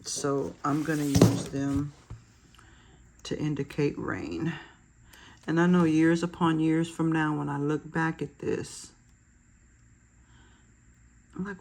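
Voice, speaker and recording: A woman's voice: low voice, slow pace, creaky, long pauses, a little mellow. A woman chatting casually while decorating her planner, laughing at herself with self-deprecating humor. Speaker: planner vlogger.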